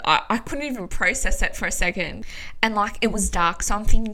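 A woman's voice: mid-range voice, fairly quick. Young woman telling a story, swearing freely. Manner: animated, swears often, acts out quoted dialogue. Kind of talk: casual storytime.

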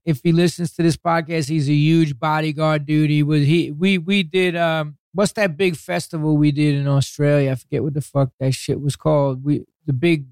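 Profane, animated New man, older. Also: on the high side, clean tone, dry recording, studio quality. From New York City. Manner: profane, animated, acts out quotes. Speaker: guest. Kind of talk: casual interview storytelling.

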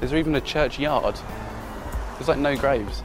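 A man's voice: medium pitch, music in the background. A playful man from England chatting bluntly with a friend on a day out. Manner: playful, blunt, quick to call things fake. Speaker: co-host. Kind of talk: casual banter on a day trip.

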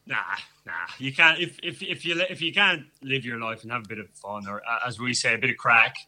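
A man's voice: medium pitch, brisk, bright, forceful tone. A man with an Irish accent, a guest footballer chatting on a podcast over a video call, bantering and laughing easily. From Ireland. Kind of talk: casual podcast chat.

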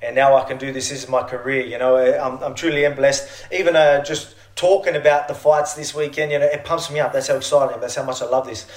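A man's voice: medium pitch, little pitch movement, quick pace, few pauses. An Australian man talking eagerly as an interview guest, often restarting his sentences. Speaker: fighter guest. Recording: echoey room.

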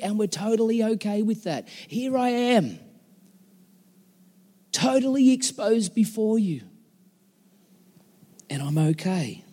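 A man preaching a conversational, emphatic sermon with dramatic pauses as a pastor. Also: sits high, warm tone, breathy edge. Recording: long hall reverb.

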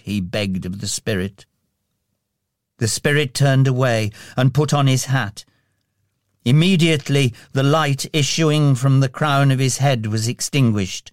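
Male storybook narrator, mid pitch, unhurried expressive read, dry studio. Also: no echo. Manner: slow and expressive.

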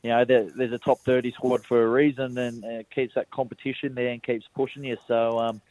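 A man's voice: medium pitch, level tone, fairly quick, darkish tone, no echo, rough recording. A young man with a rural Australian accent, a rugby league player, talking casually by phone in a radio interview and laughing easily at himself. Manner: laid-back, self-mocking, laughs easily.

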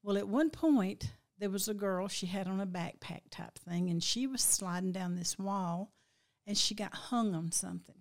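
Older woman, heartfelt and reflective. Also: medium pitch. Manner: heartfelt, slow and reflective, voice breaking with emotion at times. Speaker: guest recounting a dream. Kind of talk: emotional personal storytelling.

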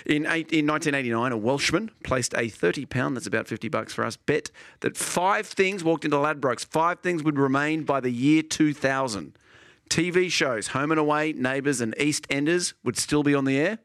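A man's voice: a little high, normal speed, a bit bright, no echo, clean studio sound. A man co-hosting a podcast in casual chat, teasing and joking with his mates. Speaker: podcast co-host.

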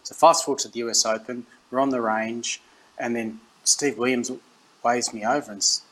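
A man's voice: medium pitch, moderate pace, poor audio. A middle-aged Australian man in a casual interview, telling stories and acting out the dialogue, with frequent restarts. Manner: animated anecdotes, acts out quoted dialogue, frequent restarts. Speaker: interview guest, former rugby captain. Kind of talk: casual storytelling.

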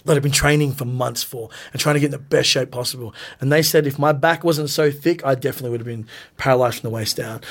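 A man, a wrestler telling stories casually in an interview, acting out quoted lines in a raised voice. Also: medium pitch. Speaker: professional wrestler guest. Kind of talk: casual storytelling in a podcast interview.

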